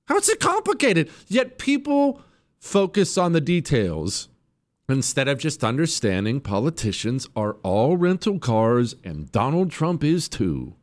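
Emphatic sarcastic male talk host. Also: a little slow. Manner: animated, swings into high mocking voices. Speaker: radio show host. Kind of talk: opinionated political talk.

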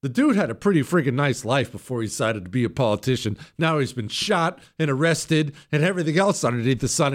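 A hoarse male talk radio host in mid-rant. His voice sounds worn and close to giving out, but he keeps pushing, punching some words up high and loud, then dropping into sarcastic asides. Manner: emphatic, sarcastic, swings between loud jabs and low mutters. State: hoarse, voice nearly gone. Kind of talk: opinionated political talk radio monologue.

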